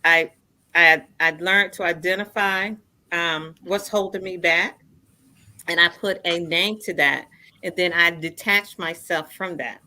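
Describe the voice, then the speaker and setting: Earnest woman in her fifties, bright voice. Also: fairly low pitch, measured pace. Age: 50s. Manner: earnest, repeats phrases for emphasis. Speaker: guest. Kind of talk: personal storytelling in a radio interview.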